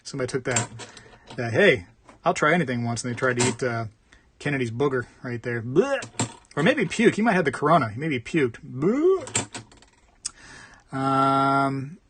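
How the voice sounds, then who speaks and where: A man's voice: mid-range voice, brisk, fairly bright tone, a little hiss or hum. A man hosting a casual livestream from the United States, rambling while he reads comments, repeating himself and laughing often. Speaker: coin roll hunting livestream host.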